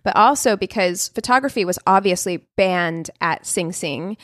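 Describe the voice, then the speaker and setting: A woman's voice: lowish voice, normal speed, fairly bright tone, no room sound, studio quality. A woman co-hosting a podcast, telling a true crime story in casual chat, laughing often and swearing, and slipping into mocking voices.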